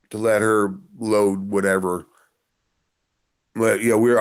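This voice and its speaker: Gravelly man telling rambling stories. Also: on the low side. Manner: rambling storyteller. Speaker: musician guest. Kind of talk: casual interview chat.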